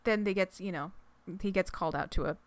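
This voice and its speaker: Talking fast in a fairly low-pitched voice, a young adult woman co-hosts a podcast on a dry recording. She giggles and chats casually as she reads out a fic summary, rambling with fillers and restarting as she retells the story.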